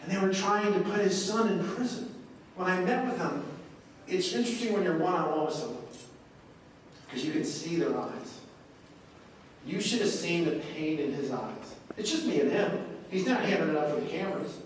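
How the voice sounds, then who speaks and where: High-voiced congressman in echoey hall. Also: expressive, normal speed, slight background noise. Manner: punchy, joking, folksy delivery. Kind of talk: political town hall speech. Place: courthouse meeting room. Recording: echoey live room from far off.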